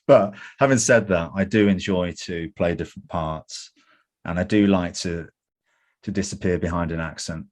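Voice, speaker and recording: Middle-aged English male, low register, candid interviewee voice, conversational storyteller. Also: moderate pace. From England. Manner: candid, anecdotal, animated when quoting others. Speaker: actor guest.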